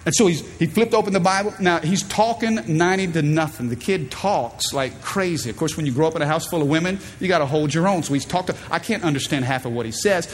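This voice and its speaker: A man's voice: fairly high pitch, quick pace, hardly any pauses, slight background noise. A man in his thirties preaching a sermon from a church stage, emphatic and calling out to the congregation. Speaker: pastor. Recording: long hall reverb, faint ambience.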